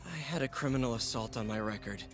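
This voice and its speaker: A man's voice: mid-range voice, quick pace, lightly acted. A man voicing an anxious young hospital worker accused of a crime in a video game, pleading and worried. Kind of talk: game voice acting.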